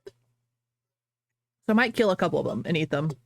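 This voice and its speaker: Giggly game streamer, very lively pitch. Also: brisk, vocal fry. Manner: giggly, laughs often, apologizes a lot; talks to chat, reacting to the game. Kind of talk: casual live-stream chatter while playing.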